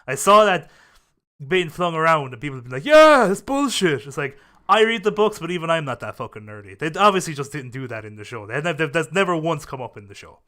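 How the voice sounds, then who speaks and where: A man's voice: fairly high pitch, lively intonation, quick pace, sharp tone. A young man hosting a casual chat show, talking in a profane, rambling way full of fillers and restarts. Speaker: podcast host.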